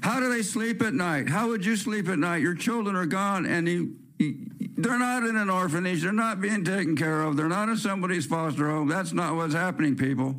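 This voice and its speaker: A man's voice: sits high, a little fast, fairly bright tone. Blunt, rambling man hosting talk radio. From California. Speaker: host. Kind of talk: ranting talk-radio monologue.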